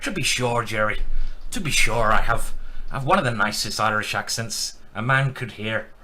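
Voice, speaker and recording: Jolly stage Irishman played by a man, hammy, bright and forward. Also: fairly low pitch, normal speed, a little hiss or hum. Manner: hammy, repeating a stock phrase.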